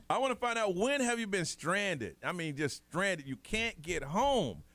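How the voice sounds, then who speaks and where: A man's voice: sits high, measured pace, no room sound. A man hosting morning radio, telling a story in a casual way and acting out the people in it. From United States. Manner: animated, acts out other people's voices in his stories. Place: radio studio.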